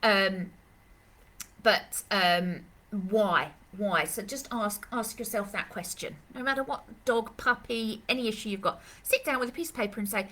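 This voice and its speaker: A woman's voice: mid-range voice, unhurried, bright, forceful tone. Chatty woman dog trainer in a live Q&A. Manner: chatty, rambling, many fillers and restarts. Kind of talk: live Q&A session.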